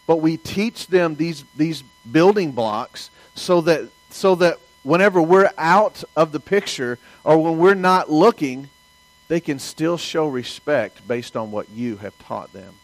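A man's voice: on the high side, a little slow, dry recording, rough recording. A man from the American South with a Southern accent, preaching a sermon in a folksy storytelling way and asking the congregation for amens. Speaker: pastor.

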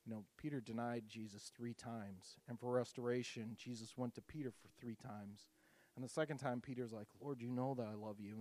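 A man preaching a communion sermon, telling the story casually with fillers, rising to loud emphatic peaks and dropping to hushed softness. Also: medium pitch, no room sound. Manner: casual, repeats words and uses fillers. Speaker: pastor leading communion.

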